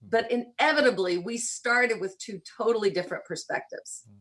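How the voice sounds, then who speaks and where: This is a woman around sixty whose faint Southern accent still shows in her vowels. She tells stories as an interview guest, in a lively way that speeds through asides and slows down on key words. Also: on the high side, low-quality recording. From rural Kentucky, USA. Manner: animated storyteller, shifts between quick and slow, deliberate phrasing. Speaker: guest, church planter. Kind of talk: conversational interview storytelling.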